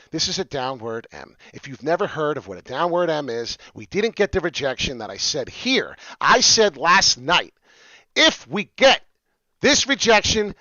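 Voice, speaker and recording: A man rants like a fired-up preacher, swearing and swinging from shouts down to low mutters. His voice is bright and forceful, leaping all over in pitch. The sound is dry and a little muffled. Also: no room sound. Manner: swears often, preachy and rambling. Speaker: crypto chart streamer. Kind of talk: fired-up motivational rant.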